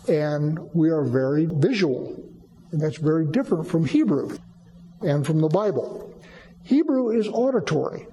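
A man's voice: fairly high pitch, warm tone, long reverb tail, a little hiss or hum, poor audio. A man giving a sermon, explaining and teaching with emphatic repetition. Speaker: preacher.

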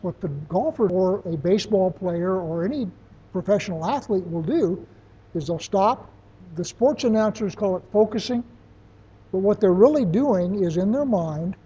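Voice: mid-range voice, dark tone, husky, dull audio. A teacher giving a classroom lecture, talking plainly and using everyday examples.

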